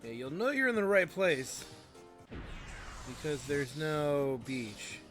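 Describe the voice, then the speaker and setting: A man hosts a let's play, offering casual gameplay commentary as he rambles and talks to himself, dropping fillers and mild joking curses. His voice is a little high and fairly bright, swinging widely in pitch at a slow pace, with faint music in the background.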